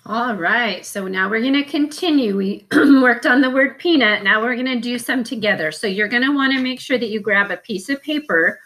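A woman teacher giving a spelling lesson to young students, slow and patient, sounding out each syllable and letter. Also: on the high side, fairly bright tone.

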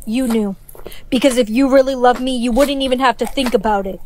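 High computer lady voice reading out a story, all the parts in one tone, noisy background hiss. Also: moderate pace. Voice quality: synthetic, evenly paced computer voice. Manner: reads every character's lines in the same voice. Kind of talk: text-to-speech story narration.

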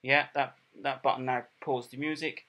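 A middle-aged man talks through a product review in a casual, matter-of-fact way. He hesitates often, filling gaps with ums and repeating words as he goes. His voice sits at an ordinary middle pitch. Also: flat delivery, sharp tone. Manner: plain, unhurried and matter-of-fact.

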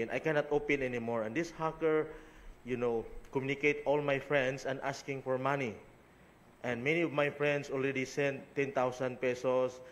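A man's voice: medium pitch, slight background noise. A priest with a Filipino accent, a Cebuano speaker, reads the gospel and then preaches in a conversational way, often tagging "no?" onto his sentences. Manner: conversational, frequent tag "no?". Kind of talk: gospel reading and homily.

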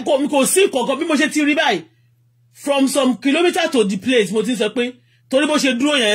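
High-pitched, husky Nigerian man ranting. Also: fairly bright tone. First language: Yoruba. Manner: angry, repetitive, switching between English and Yoruba. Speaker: vlogger. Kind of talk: heated live rant.

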